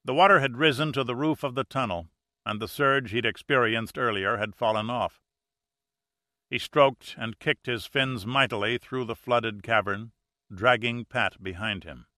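A man giving steady, measured scripted narration of an adventure audiobook. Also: mid-range voice, dry recording, studio quality.

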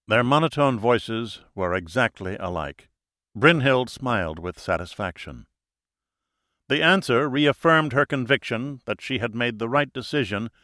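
A man narrating a thriller audiobook in a measured, dramatic storytelling manner. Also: mid-range voice, pushed and bright, no room sound, studio quality.

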